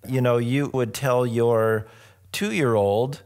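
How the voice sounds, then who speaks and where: Middle-aged male pastor, lowish voice, easygoing sermon storyteller who chuckles along. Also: unhurried. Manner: relaxed storytelling with jokes and soft laughs. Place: church.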